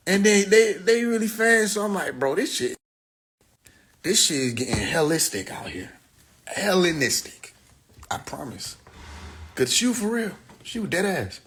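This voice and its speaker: Husky-voiced man ranting on a phone livestream. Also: high-pitched, normal speed. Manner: animated storytelling, acts out quoted people, laughs. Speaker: live stream host. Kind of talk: casual livestream monologue.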